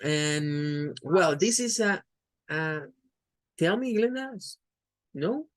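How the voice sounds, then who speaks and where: A woman whose first language is Spanish, teaching an English class with a Spanish accent and repeating phrases slowly for pronunciation drills. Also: deep voice, expressive, no echo.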